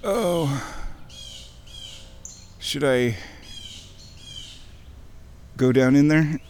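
A man narrating a nature walk by a wooded creek in an excited, chatty way, talking to himself as he films. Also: a little high, extremely slow. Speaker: nature vlogger. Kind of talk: casual outdoor narration. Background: birdsong.

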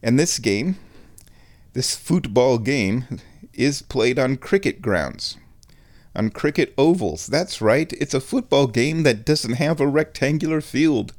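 A man hosting a show on his own, thinking aloud in an excitable, self-mocking ramble. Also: mid-range voice, takes it slowly. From United States. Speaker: podcast host. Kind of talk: rambling solo chat.

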